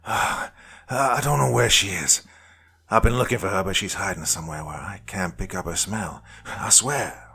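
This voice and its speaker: A man's voice: low-pitched, moderate pace, creaky, bright, forceful tone, husky, heavily acted. A man voicing a menacing male monster with a heavy American country accent, drawling with a malicious edge. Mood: pleading.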